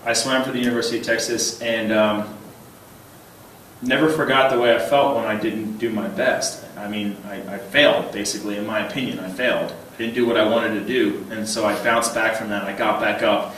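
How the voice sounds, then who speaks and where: A man in his thirties giving a humorous banquet speech, telling personal stories in an animated way, chuckling often and repeating words as he starts a thought. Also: lowish voice, fairly quick, a little hiss or hum. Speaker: banquet keynote speaker. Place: large banquet hall. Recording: very echoey hall, voice heard from a distance.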